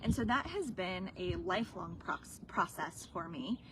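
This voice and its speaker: A woman's voice: on the low side, lively intonation, unhurried, noisy background. A woman and business coach telling a personal story on a livestream, earnest and emotional, sometimes dropping to a whisper.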